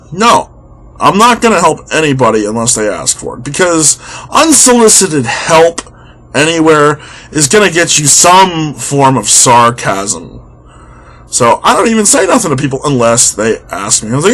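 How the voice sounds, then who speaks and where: Young male vlogger, fairly high voice, exasperated comedic rant. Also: very animated, normal speed, a bit bright. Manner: exasperated, sarcastic, swears freely.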